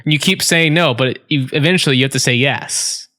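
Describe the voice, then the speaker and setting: A man co-hosting a podcast let's play, chatting in an excitable, jokey way as he plays. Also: mid-range voice, fairly quick. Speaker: podcast co-host playing a game. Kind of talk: casual let's play banter.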